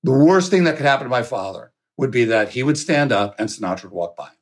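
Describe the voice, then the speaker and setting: A middle-aged man telling a long anecdote with lively energy, swearing and laughing as he goes. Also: medium pitch, fast. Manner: animated, swearing, laughing storyteller. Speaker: podcast guest. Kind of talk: storytelling anecdote.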